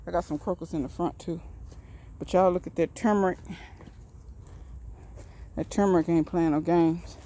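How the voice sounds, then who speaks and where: A woman's voice: lowish voice, fairly even intonation, moderate pace, long pauses, mellow. Folksy woman touring her garden. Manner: folksy, rambling, talks straight to viewers. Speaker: home gardener giving a garden tour. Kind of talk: casual walk-and-talk tour. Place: outdoor backyard garden and greenhouse.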